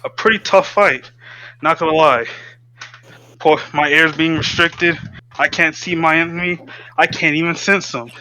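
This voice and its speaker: A man playing a tabletop role-playing game in casual chat, excitable and swearing freely, slipping into his character's lines. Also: on the high side, moderate pace, pauses often, slight background noise, low-quality recording. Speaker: player.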